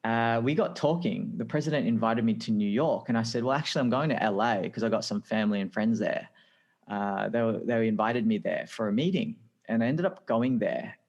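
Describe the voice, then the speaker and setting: Australian male guest, relaxed storyteller, lowish pitch, slips into voices for quotes. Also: brisk, dull audio. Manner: chatty, acts out quoted dialogue. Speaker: guest, design director. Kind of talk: casual storytelling.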